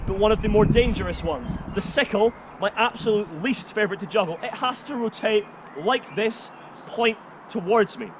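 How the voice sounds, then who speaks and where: A man's voice: sits high, normal speed. A man performing as a juggler, talking to the camera in theatrical, playful showman's patter. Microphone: camera run by an assistant. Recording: noisy outdoor recording.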